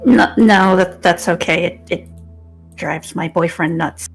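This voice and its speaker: Slow, hesitant woman player. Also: lowish voice, gravelly, soft background music. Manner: hesitant, repeats words. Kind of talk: playing a tabletop game.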